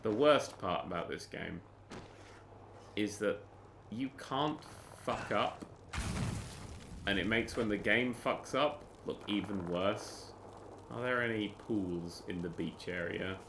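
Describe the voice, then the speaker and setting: A man's voice: fairly low pitch, slow, long pauses, background noise. A British man giving sarcastic, sweary commentary while playing a game, exasperated and ranting. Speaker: gaming YouTuber.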